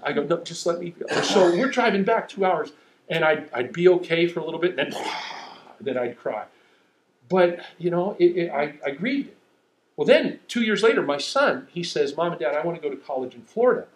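A middle-aged man preaching a sermon, telling stories in an animated, self-mocking way. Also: fairly high pitch, reverberant, slight background noise, rough recording. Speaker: pastor.

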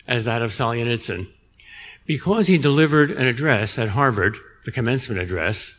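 An older man giving a public lecture, telling a story in a measured way with dry humor. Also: medium pitch, fairly bright tone. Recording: long reverb in a large hall.

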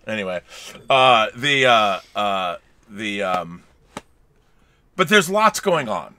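A man's voice: lowish voice, sing-song, takes it slowly, long pauses, pushed and bright, dry recording. A man co-hosting a movie review show, chatting casually and rambling with many restarts and fillers. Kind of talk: casual film review chat.

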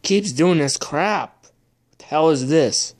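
A young adult talks slowly and unhurriedly through a pack-opening video, mumbling half to themself. Frustration keeps spilling out as swearing between remarks about each card. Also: medium pitch, expressive, darkish tone. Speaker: video host opening trading card packs. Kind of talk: casual unboxing commentary.

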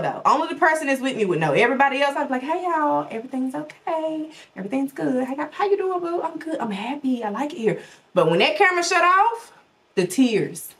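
A woman hosting her own show, talking casually and animatedly straight to her viewers, swooping her pitch for emphasis. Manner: animated, folksy, talks straight to her audience. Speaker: podcast host.

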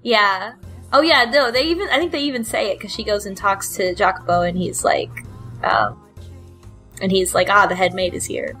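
A woman's voice: mid-range voice, expressive, moderate pace, pushed and bright, soft background music. A woman chatting casually as a book club panelist, hesitant and giggly, full of fillers. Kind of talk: casual podcast chat.

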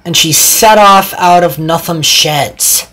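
A woman narrating a storybook tale in a slow, animated reading. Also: lowish voice.

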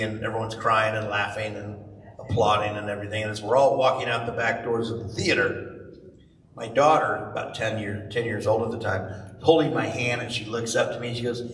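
A middle-aged man, a voice actor at a convention Q&A, telling animated stories and jumping into high voices for the people he quotes. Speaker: convention panel guest, voice actor. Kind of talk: live convention Q&A storytelling. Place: large convention hall. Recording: echoey hall, far from mic, faint hiss.

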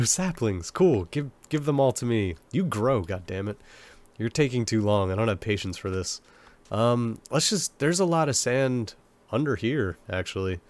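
A young man with a cold, sounding nasal and sniffly, rambling and joking at himself while commenting on his gameplay. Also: medium pitch. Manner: rambling, self-mocking chatter to himself. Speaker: let's play gamer.

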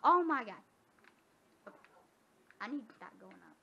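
Brief: woman gamer, high and bright, slow easy delivery, squeals at cute animals, lo-fi home recording. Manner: excitable, gasping and squealing at animals. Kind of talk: casual gameplay commentary. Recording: dull lo-fi sound with faint noise.

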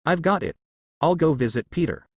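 A man's voice: a little high, animated, normal speed, husky, pitched above the performer's own voice. A man voicing a brash, cheerful young male ninja who talks in a boisterous, bragging way. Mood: boastful.

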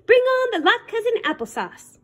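A woman reading the part of a hearty bearded village father in a storybook, declaiming warmly. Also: very high-pitched, big pitch swings, normal speed, soft background music, pitched above the performer's own voice.

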